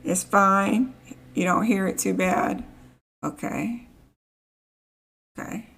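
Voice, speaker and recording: A woman chatting casually while live-streaming a game, rambling and easily annoyed, with a rough morning voice. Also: medium pitch, steady tone, slow, fairly bright tone. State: morning voice, just woke up.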